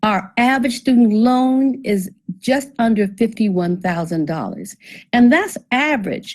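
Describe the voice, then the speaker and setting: A woman's voice: fairly high pitch, animated, a little slow, rough recording. A woman giving a seminar presentation on debt, working through figures step by step, asking the audience questions and putting a dry sarcastic edge on some of her points. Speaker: financial presenter.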